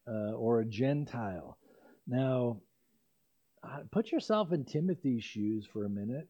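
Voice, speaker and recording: A man's voice: medium pitch, lively intonation, moderate pace, warm tone. An older man preaching an expository sermon as pastor, in a conversational way with asides and self-corrections. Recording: dull lo-fi recording.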